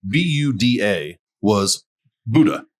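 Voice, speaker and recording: A man co-hosting a podcast in casual chat, swearing freely and laughing loudly while drinking. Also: mid-range voice, big pitch swings, normal speed. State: drinking whiskey. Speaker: podcast co-host.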